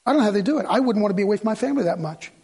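A male pastor preaches with a husky, fairly high voice. He talks to the congregation in a conversational way and acts out short quoted lines as he goes. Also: rapid-fire. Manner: conversational preaching, quoting people in lively asides. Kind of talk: sermon.

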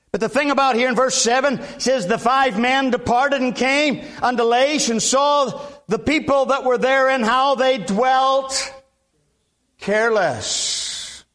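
A man's voice: extremely high pitch, a bit bright. An older man from Alabama, preaching a sermon in a folksy way with repeated amens. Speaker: guest preacher.

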